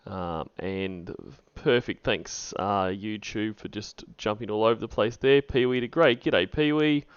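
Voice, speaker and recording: Low-voiced laid-back man. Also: a little slow, clean tone, dry recording, muffled recording. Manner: laid-back, greeting viewers by name with many ums. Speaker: livestream host. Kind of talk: casual stream chat.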